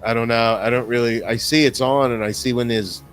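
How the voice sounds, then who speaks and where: A man's voice: medium pitch, brisk, faint music behind. A middle-aged man co-hosting a podcast, chatting casually and telling stories with plenty of profanity. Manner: animated storytelling with crude profanity. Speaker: podcast co-host. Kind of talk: casual chat.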